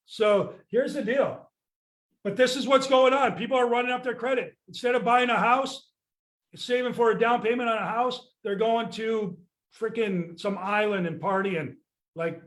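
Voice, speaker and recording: A man's voice: high-pitched, fairly bright tone. An older man, a real estate sales coach ranting bluntly and with exasperation, swearing casually in a podcast chat. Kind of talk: candid podcast rant.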